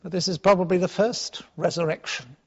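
A man preaching a sermon, earnest, rising for emphasis and dropping to hushed tones. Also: high-pitched, steady tone, a little fast, slightly rough. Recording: dull lo-fi sound.

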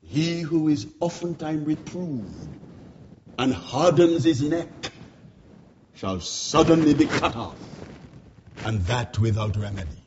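Dramatic preacher, hushed to thundering. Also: male voice, big pitch swings, takes it slowly, pauses often, highs cut off, a little hiss or hum. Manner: dramatic, swinging from hushed lows to shouted climaxes; repetitive rhetorical cadence. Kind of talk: sermon.

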